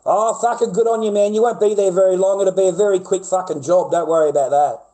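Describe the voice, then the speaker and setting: A high-voiced Australian man rambles through a casual livestream, swearing constantly and bantering loudly with callers. His talk is rowdy and unfiltered. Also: steady tone, fast talker, rough recording.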